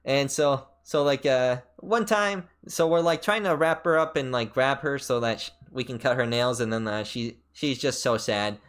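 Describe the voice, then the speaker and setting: A man streaming a casual chat, telling a rambling story full of fillers and restarts, his pitch jumping sharply up and down. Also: normal speed, few pauses, a bit bright, clean tone. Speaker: VTuber streamer.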